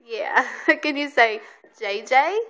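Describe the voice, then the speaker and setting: A woman uses her phone to film a toddler at home, patiently prompting the little girl to say words back in a sing-song voice and praising her a lot. Her voice is high, sharp and clean, and she takes her time.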